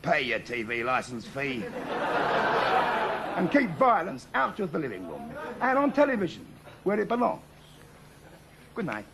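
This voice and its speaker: A man giving a sardonic, mock-menacing comic address to viewers in a deadpan way. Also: a little high, a little slow, vocal fry, long pauses, background noise.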